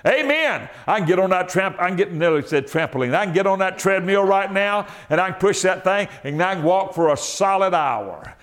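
A middle-aged man preaching a sermon, folksy, moving from quiet storytelling to shouted exhortation. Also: sits high, expressive, fairly quick, few pauses.

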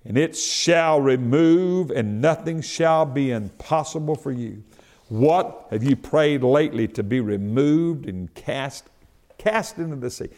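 A middle-aged man preaching a sermon, folksy, moving from quiet storytelling to shouted exhortation. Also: medium pitch, unhurried.

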